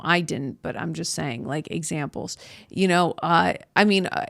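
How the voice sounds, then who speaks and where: A woman with a lowish, gravelly voice rambles through a comedic podcast monologue, crude and irreverent and quick to mock herself. The sound is close and dry, with no room around it. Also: no echo. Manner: crude, irreverent, self-mocking. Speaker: podcast host.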